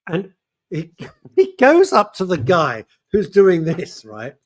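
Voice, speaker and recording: A man hosting a chat show, telling anecdotes in an animated way and laughing as he goes. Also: sits high, slow, slight background noise. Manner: animated storyteller, laughs often. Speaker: host. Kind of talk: casual chat.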